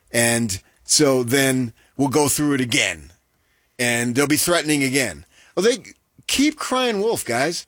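A man co-hosting a sports talk show, joking wryly in a lively, animated way. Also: medium pitch, dry recording, clean studio sound. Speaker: sports radio co-host.

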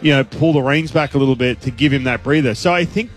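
A man's voice: medium pitch, quick pace. A man, a baseball analyst guest, talking casually on sports radio in a rambling way with many restarts and asides.

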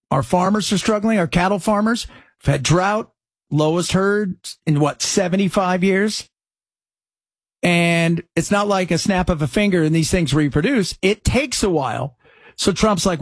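A man hosting a political talk show, delivering sarcastic, animated commentary. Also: high-pitched, unhurried, husky, dry recording. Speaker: radio talk show host.

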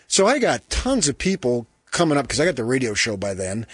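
A man hosting a sports radio show, telling animated stories and doing loud, high impressions of his mother. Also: moderate pace, slightly rough, no room sound. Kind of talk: casual storytelling on radio show.

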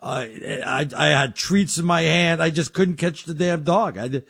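A man's voice: a little high, a little slow, creaky, husky. A man telling a rambling story in casual chat, stumbling over his words. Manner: rambling animated storyteller, stammers.

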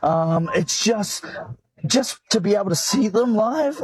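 A man, a sports fan in a street interview, speaking emotionally and haltingly, often repeating himself. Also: high voice, lively intonation, breathy edge, no room sound. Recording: noisy crowd in the background. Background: loud crowd.

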